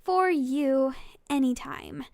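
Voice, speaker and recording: Feisty teen girl, kinda smug, woman reading her in her own high voice. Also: slow, vocal fry, a little mellow, no echo, clean studio sound, full character voice. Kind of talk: reading fanfiction aloud.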